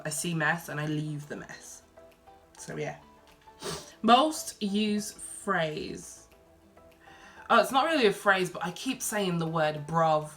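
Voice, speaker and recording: A woman's voice: deep voice, a bit bright. Chatty young Birmingham woman vlogging. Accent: Birmingham English, softened. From Birmingham, England. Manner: chatty, reads questions aloud then answers with many ums and likes. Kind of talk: casual Q&A vlog.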